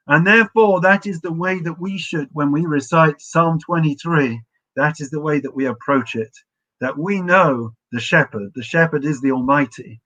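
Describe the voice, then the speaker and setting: A man preaches with a bright, slightly high voice, telling a story with halting restarts. The sound is dull and lo-fi, like an online stream. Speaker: rabbi. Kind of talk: sermon with storytelling.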